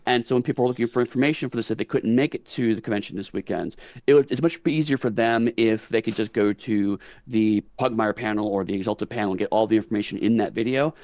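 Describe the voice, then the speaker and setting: A man hosting a convention panel, chatting quickly and agreeably with many fillers. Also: on the low side, a little mellow, dry recording, dull audio. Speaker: panel host. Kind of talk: casual panel chat.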